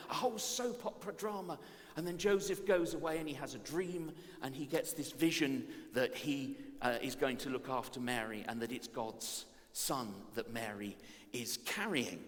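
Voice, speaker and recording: A man preaching at a playful family service, animated and self-mocking as he tells the story. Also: fairly high pitch, normal speed. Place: church. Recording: long reverb of a church hall.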